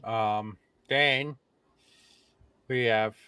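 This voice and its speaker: In an extremely slow, fairly low voice with fairly even intonation, this podcast co-host casually discusses recordings, laughing often and trailing off mid-thought. His tone is sharp yet smooth, and the recording is dry.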